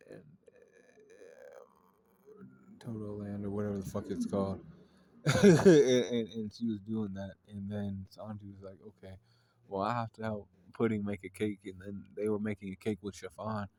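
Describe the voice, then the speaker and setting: A man's voice: lowish voice, fairly even intonation, normal speed, warm tone, slight background noise. A man casually retelling a story in a rambling way, full of fillers and swearing. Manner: rambling, filler-heavy and profane.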